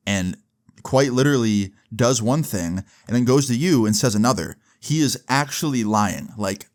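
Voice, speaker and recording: A man's voice: lowish voice, normal speed. A young man casually telling a story to camera, exasperated and swearing freely. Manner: profane, exasperated retelling. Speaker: storytelling vlogger.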